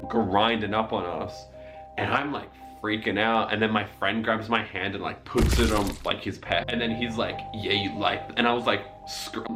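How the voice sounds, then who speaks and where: A young man with a fairly low voice tells a comic story about himself in a loose, chatty way. He keeps switching into high, squeaky voices to quote people, and faint music plays underneath. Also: moderate pace. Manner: animated, mimics voices in high squeaky tones.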